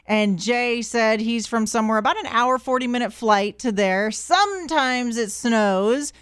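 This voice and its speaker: A woman's voice: fairly high pitch, fairly bright tone, smooth, no room sound, clean studio sound. Chatty radio morning co-host woman. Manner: chatty, quick, laughing often. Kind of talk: casual radio banter.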